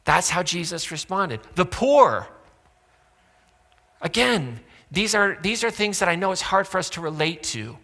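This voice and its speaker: Sarcastic preaching man, bright and reverberant. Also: high-pitched, expressive, unhurried. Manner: sarcastic, conversational preaching with acted-out quotes. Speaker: pastor. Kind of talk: sermon. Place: church auditorium. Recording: long hall reverb.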